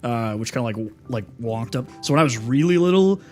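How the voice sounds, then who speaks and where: A man's voice: medium pitch, lively intonation, fairly quick, darkish tone, faint music behind. Chatty young streamer guy, rambling. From Texas. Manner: rambling and chatty, answers chat messages aloud, says "dude" and "brother". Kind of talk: casual livestream chat while gaming.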